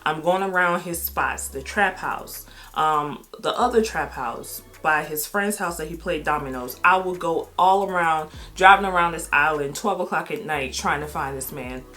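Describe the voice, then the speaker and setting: A woman's voice: deep voice, moderate pace, hardly any pauses, bright, forceful tone, soft background music. A middle-aged woman vlogger telling a personal story in a casual, candid way, blunt and swearing freely.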